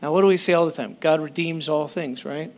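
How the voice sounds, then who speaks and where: Preaching with a slightly high voice at a fairly quick clip, this man is a pastor whose sermon feels conversational and animated. He keeps breaking off partway through sentences to begin again.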